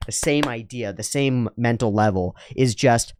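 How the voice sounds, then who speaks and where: A man's voice: mid-range voice, unhurried, few pauses, darkish tone, clean tone, dry recording, clean studio sound. A man reacting to an anime episode in casual, profane commentary, often acting out the characters' lines in mocking voices.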